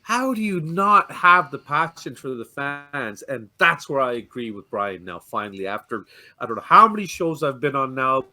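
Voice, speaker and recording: A man's voice: mid-range voice, sing-song, moderate pace, pushed and bright, soft background music. A Canadian man, a dejected football fan, ranting and swearing on a fan show, often stumbling over his words. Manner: ranting, swearing, stammering restarts. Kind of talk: heated fan-show chat.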